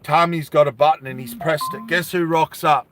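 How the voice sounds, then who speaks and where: A man telling a story in a casual vlog, animated, with asides to his viewers. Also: a little high, moderate pace, soft background music.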